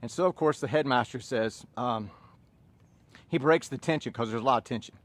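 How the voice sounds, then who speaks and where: A middle-aged man with a Southern US accent telling a story casually, animated, chuckling and restarting phrases. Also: mid-range voice, a little fast. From Southern United States. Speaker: fitness coach and storyteller.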